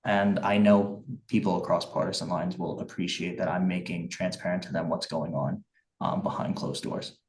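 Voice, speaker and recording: Man, earnest political candidate, fairly low voice, passionate, roomy echo. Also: fairly even intonation, normal speed, a little mellow, distant mic, a little hiss or hum. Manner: earnest, impassioned, many restarts and fillers. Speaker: write-in congressional candidate. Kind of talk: interview answers.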